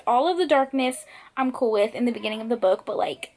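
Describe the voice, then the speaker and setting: Young woman crying thru a book review vlog, kinda high voice, rambly and repeating herself. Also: brisk, a little mellow. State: tearful, crying. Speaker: book vlogger. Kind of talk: emotional reading vlog. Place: at home, indoors.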